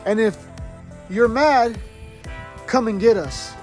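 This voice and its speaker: Mom hyping up a toy truck, slow drawn-out talk, loud music behind her. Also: fairly high pitch. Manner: excited, sing-song, exaggerated exclamations. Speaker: parent filming a toy video. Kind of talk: playful toy play with a child.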